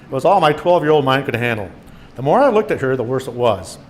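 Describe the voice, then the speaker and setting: A man's voice: mid-range voice, fast, slight background noise. Older man reading his own stories. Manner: storytelling with animated quoted voices. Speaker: author giving a presentation. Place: meeting room.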